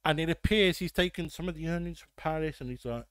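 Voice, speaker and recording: A man hosting a casual football podcast, ranting and swearing with quick asides. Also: fairly high pitch, a bit bright, clear, resonant tone, no echo. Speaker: podcast host.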